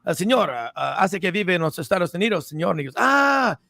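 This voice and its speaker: High-voiced man hosting sports talk. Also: very fast, vocal fry, fairly bright tone, no room sound. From Memphis, US South. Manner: rambling storyteller, voices quoted people. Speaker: host. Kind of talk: casual sports talk show.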